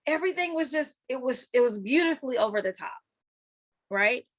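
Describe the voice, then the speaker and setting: A woman's voice: high-pitched, expressive, fairly quick, no room sound. Woman host, casual interview, affirming, dry close sound. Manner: warm affirming, lots of yeahs.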